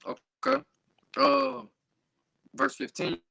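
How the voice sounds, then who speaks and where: A man's voice: mid-range voice, animated, fairly quick, vocal fry, bright, forceful tone, dry recording, low-quality recording. A man reading scripture aloud, then commenting loosely with lots of fillers and stumbling over hard words. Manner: reads verses, then riffs loosely with many fillers. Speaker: Bible study reader.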